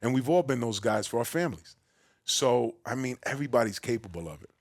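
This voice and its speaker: A man from the Bronx with a New York accent, a podcast guest telling his story in a big, loud, boisterous way. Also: animated, a little fast, dry recording, clean studio sound. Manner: acts out quoted voices with a raised pitch. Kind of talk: casual storytelling conversation.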